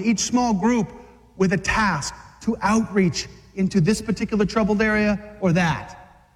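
A man preaching a fiery sermon to men, dramatic, acting out scenes and shouting at the peaks. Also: very high-pitched, in a large hall.

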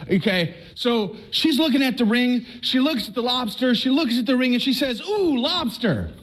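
A man from Texas tells his faith story to a listening crowd. His voice sits high for a man, and he talks in an animated, conversational way, often stumbling and restarting his words. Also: moderate pace, poor audio. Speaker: speaker giving a personal faith testimony. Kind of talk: storytelling talk to a live audience.

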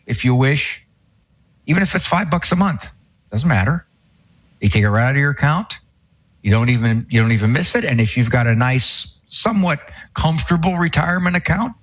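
An older man speaks in a husky, slightly breathy voice. He talks in a folksy, emphatic way on a studio radio show and drives home his points by repeating them. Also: mid-range voice. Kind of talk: casual radio talk.

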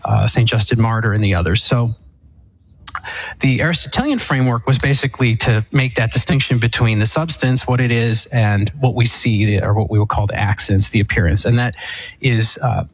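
A man's voice: on the low side, steady tone, a little fast, slightly rough, rough recording. A man who is an Eastern Catholic priest, explaining church teaching on a call-in show with many restarts and fillers. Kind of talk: answering a caller's question.

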